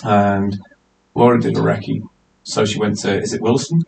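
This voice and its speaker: A man hosting a casual podcast, teasing his guests and jumping up high when excited. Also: normal speed, gravelly. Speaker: podcast host. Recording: distant mic, faint hiss.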